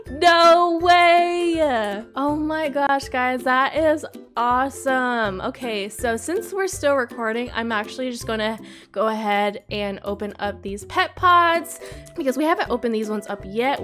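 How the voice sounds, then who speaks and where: A young woman with a high, girlish voice gives bubbly, excitable gameplay commentary into a desktop mic. She bursts into squeals whenever something good turns up. Soft music plays underneath. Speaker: gaming channel host. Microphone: desktop microphone.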